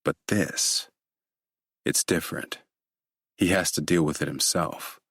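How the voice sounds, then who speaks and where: A man narrating a thriller audiobook in a measured, steady way. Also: rumbling low, husky, no echo, studio quality.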